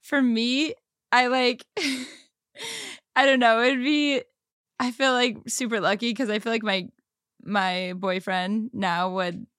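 A woman's voice: on the high side, takes it slowly, pauses often, fairly bright tone, dry recording, studio quality. Giggly woman in casual chat. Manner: giggly, lots of "like" and laughs. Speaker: podcast co-host.

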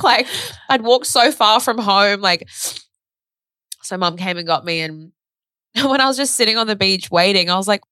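This young woman's voice is fairly low, pushed and bright, clear and resonant at normal speed, recorded in studio quality with no echo. As a podcast co-host in casual chat, she speaks candidly and emotionally, peppering in "like" and the occasional swear word.

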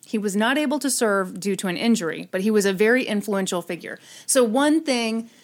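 A woman's voice: medium pitch, expressive, fairly quick. A woman hosting a chat show, telling a history story in a casual, irreverent way with frequent swearing and laughter.

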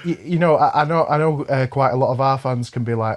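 A man's voice: mid-range voice, steady tone, quick pace. A man in his thirties in a casual podcast chat, teasing the others, swearing freely and restarting his sentences. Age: 30s. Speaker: podcast co-host.

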